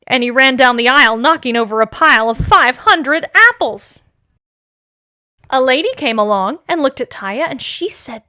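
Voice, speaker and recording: High, sing-song woman reading a children's story. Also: no room sound, studio quality. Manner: slow, expressive, sing-song.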